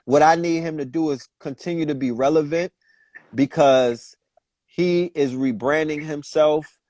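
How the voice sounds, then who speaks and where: A man's voice: a little high, unhurried, darkish tone, dry recording. A man on a casual podcast, speaking as guest with impassioned, preachy emphasis. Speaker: guest commentator.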